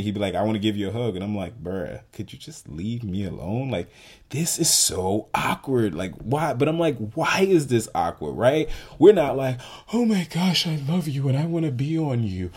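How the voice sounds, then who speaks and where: Animated low-voiced man on a podcast. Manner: animated, emphatic, heavy use of "like" fillers. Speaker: podcast co-host. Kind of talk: casual podcast commentary.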